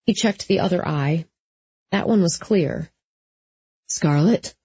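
A woman narrating an audiobook in a steady, even storytelling manner. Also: fairly low pitch, a little slow, breathy edge, no room sound, muffled recording.

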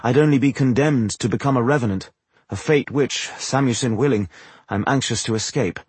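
A man voicing a proud, scornful sorceress woman in an audiobook, speaking bluntly with a husky voice. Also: medium pitch, a little fast, a little mellow, no room sound, natural voice.

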